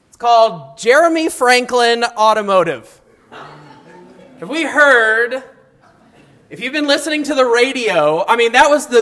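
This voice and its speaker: A man teaching a classroom of high schoolers, talking casually, adding wry asides and often checking in with "okay?". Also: bright, forceful tone. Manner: mildly sarcastic asides. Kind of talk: classroom lesson. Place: classroom with students.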